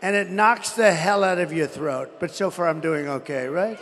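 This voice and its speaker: An older man giving a rambling, boastful rally speech that flares into angry shouting. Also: on the high side, normal speed, background noise. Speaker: politician speaking at a rally. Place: large arena rally. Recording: echoey arena sound, faint crowd ambience.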